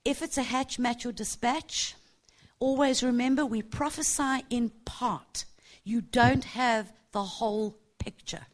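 A woman's voice: on the high side, a little slow. A middle-aged woman teaching a church group on prophecy, passionate and chatty, often tagging her points with "yeah?". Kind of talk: informal teaching talk.

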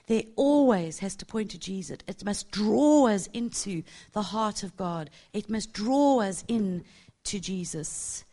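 A middle-aged woman with a medium-pitched, dark voice teaches a church group about prophecy. Her informal talk is passionate and chatty, and she often tags her points with "yeah?".

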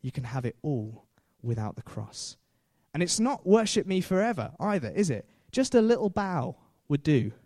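A man's voice: fairly high pitch, big pitch swings, moderate pace, hardly any pauses, dark tone, dry recording, studio quality. A man preaching a sermon in a chatty way, with self-deprecating jokes and frequent fillers.

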